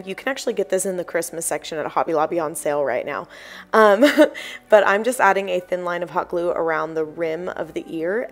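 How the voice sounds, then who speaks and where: A young woman hosting a craft channel, talking through each step in a chatty voice-over, a little croaky from the early morning. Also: fairly low pitch. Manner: chatty, explanatory, apologetic asides. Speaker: DIY crafts channel host. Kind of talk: voice-over tutorial narration.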